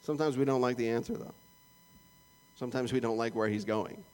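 A man's voice: mid-range voice, fairly quick, a little mellow, clear, resonant tone. A man with a Canadian accent preaching a sermon in a conversational, joking way, acting out little prayers and asides. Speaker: pastor.

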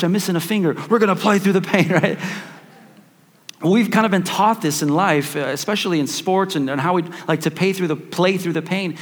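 A pastor in his thirties preaching a sermon, repeating key phrases for emphasis and restarting his sentences often. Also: a little high. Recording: long reverb of a church hall.

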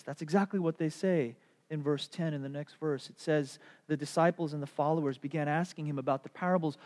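Fairly quick and steady in tone, this middle-aged pastor's voice sits on the high side with a darkish color, slightly raised as it echoes through a long, reverberant church sanctuary. His sermon features animated storytelling and playful voices.

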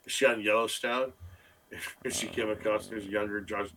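Bright-voiced wisecracking man on a podcast. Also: lowish voice, steady tone, moderate pace. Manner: wisecracking, riffs in mock character voices. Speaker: podcast co-host. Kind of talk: casual movie review chat.

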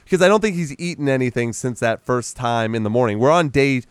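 A man casually recapping a movie in conversation, jumping into loud animated impressions of the characters and swearing freely. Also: medium pitch, quick pace, smooth, no echo. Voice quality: animated retelling, acts out characters in a raised voice, swears. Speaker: podcast co-host.

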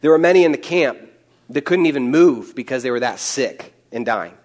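A man's voice: medium pitch, lively intonation, moderate pace, a little mellow. A young man preaching a sermon, conversational, with joking asides. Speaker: pastor.

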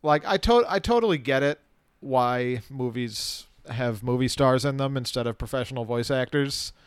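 A man's voice: medium pitch, moderate pace, smooth, no echo. A man co-hosting a casual movie podcast, frank and opinionated, often restarting his sentences. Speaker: podcast co-host, film critic.

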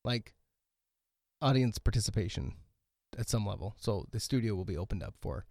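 A man's voice: fairly low pitch, animated, moderate pace, vocal fry, a little mellow, no echo, clean studio sound. A man hosting a podcast in casual chat, teasing his guest and drifting between thoughts. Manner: teasing, chatty, drifts mid-sentence. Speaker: host.

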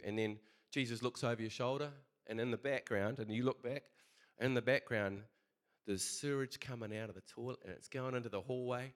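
A man's voice: medium pitch, steady tone, a little fast. A man preaching a casual sermon, chatty and conversational, telling a story with many fillers.

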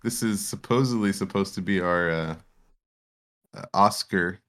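A man's voice: sits low, unhurried, a bit bright. A young man co-hosting a podcast, teasing his friend in easygoing banter. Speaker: podcast co-host. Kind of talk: casual chat.

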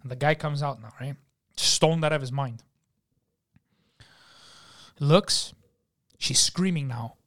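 A young man telling profane, animated stories in casual talk and acting out the people in them. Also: medium pitch, takes it slowly, pauses often. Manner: animated, profane, acts out quotes. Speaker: podcast guest. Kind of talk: casual storytelling. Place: studio.

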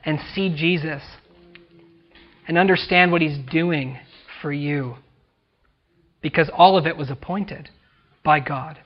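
A man with a high voice preaches a sermon, pressing hard on key words and falling away to near-hush at phrase ends. The recording sounds muffled and lo-fi, as from a church. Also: slow, long pauses. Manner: emphatic preaching, rising and dropping to near-whisper. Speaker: pastor.

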